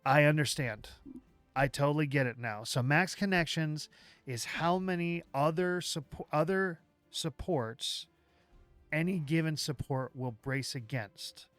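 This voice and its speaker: A man hosting a livestream, walking through software live while thinking aloud, with halting restarts, and chatting with viewers as he works. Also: fairly high pitch, no echo, faint music behind. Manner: chats with viewers while working. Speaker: livestream host.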